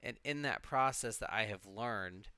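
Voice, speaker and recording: A man's voice: fairly low pitch, a little slow, pushed and bright, clear, resonant tone, dry recording. A man co-hosting a live stream, talking in a loose, reflective way, swearing freely and restarting his sentences often. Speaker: co-host of a live witchcraft stream. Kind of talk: casual rambling talk.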